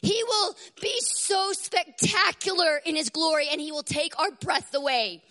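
Fervent slow-speaking woman preacher, strained voice. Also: extremely high pitch. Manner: fervent, swings between hushed whispers and loud exclamations. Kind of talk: devotional sermon.

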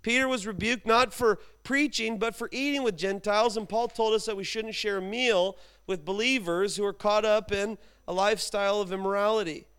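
A man's voice: high voice, fairly bright tone, smooth. A man preaching a sermon in an informal, chatty way, telling stories and making asides to his congregation. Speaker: pastor. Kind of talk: conversational sermon.

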